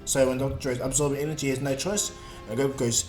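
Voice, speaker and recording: A man's voice: mid-range voice, fast talker. A man casually narrating a fan-made story, rambling with restarts and fillers. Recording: echoey room, faint music.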